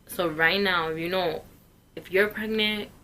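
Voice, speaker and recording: A woman's voice: fairly low pitch, fairly even intonation, measured pace, pushed and bright, a little hiss or hum, poor audio. A woman vlogger telling a painful personal story in an earnest, emotional way. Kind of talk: personal testimony.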